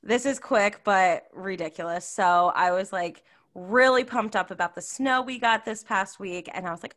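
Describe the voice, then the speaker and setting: A woman co-hosting a casual podcast chat, telling stories with lots of laughter and acting out quotes. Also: normal speed. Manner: animated, laughs often, acts out quotes in high voices. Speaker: podcast co-host.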